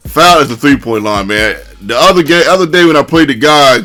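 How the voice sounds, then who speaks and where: A man casually narrating his own basketball video game match, chatty and excitable, peppering his talk with "man". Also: fairly high pitch, brisk, soft background music. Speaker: gaming commentator.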